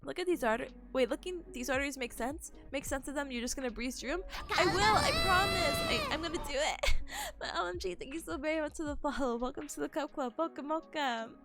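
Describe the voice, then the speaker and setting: A woman's voice: high voice, expressive, fairly quick. A young woman streaming a casual study session, bubbly and chatty, laughing often as she talks. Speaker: student streamer. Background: soft lofi music.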